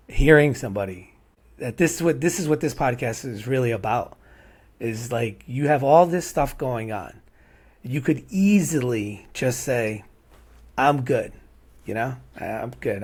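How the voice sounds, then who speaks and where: A middle-aged man from hosting a podcast in casual, heartfelt conversation, rambling and asking "right?" again and again. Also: mid-range voice. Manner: rambling, repeats "right?" often. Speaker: podcast host.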